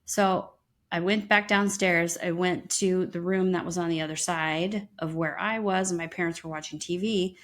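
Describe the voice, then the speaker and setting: A woman podcast co-host telling a personal story in casual chat, lively and full of ums. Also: lowish voice, normal speed. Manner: lively retelling with frequent ums.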